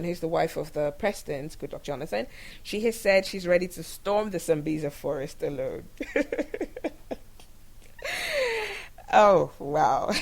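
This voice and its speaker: A woman from Nigeria hosting her own show, giving candid, animated commentary on the news and laughing often as she talks. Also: sits low, creaky, poor audio. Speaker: show host. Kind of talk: opinionated commentary monologue.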